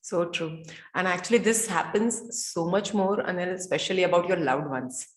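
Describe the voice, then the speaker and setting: Indian woman host, lively anecdotal delivery, roomy echo. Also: lowish voice, normal speed. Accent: Indian English. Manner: animated storytelling, mixes in Hindi phrases. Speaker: interview host. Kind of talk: casual conversational interview.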